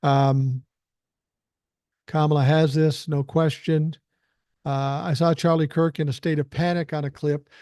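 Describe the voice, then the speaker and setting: Older man, podcast host, fired-up profane rant, a bit breathless, slightly high voice, dry sound. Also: level tone, unhurried, pauses often, a little mellow, no room sound. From South Minneapolis, USA. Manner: profane, heated, mocking. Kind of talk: ranting live stream commentary.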